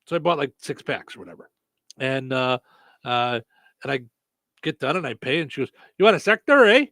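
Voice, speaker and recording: A man's voice: medium pitch, moderate pace, a bit bright, no room sound. A man hosting a show, telling stories in casual chat, full of hesitant fillers. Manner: chatty storyteller, hesitant fillers. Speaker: show host.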